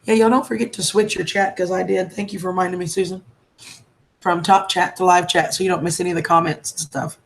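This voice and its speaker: Talking fast with a steady tone and some vocal fry, this woman hosts a chatty live stream. Her fairly low voice greets viewers as darling and sweetheart in a heartfelt way.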